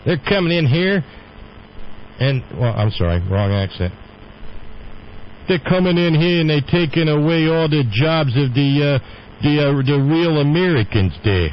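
A man's voice: lowish voice, normal speed, hardly any pauses, highs cut off, a little hiss or hum, voice pushed down, close to an everyday voice. A man mocking a sneering bigot. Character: sneering bigoted man complaining about immigrants.

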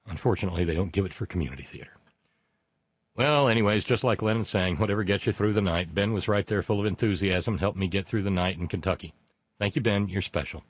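A man's voice: deep voice, quick pace, husky, dry recording. A man hosting a casual political talk show, reading out listener messages in a rambling, sardonic way with many fillers.

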